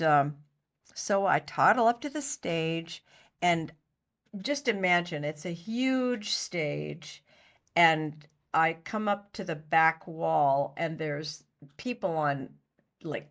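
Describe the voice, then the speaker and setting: A middle-aged woman, a guest on an interview show, telling a story in a lively, chatty way and acting out other people's lines. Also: fairly low pitch, creaky. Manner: animated anecdote teller, acts out other people's lines. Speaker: interview guest, costumer and actor.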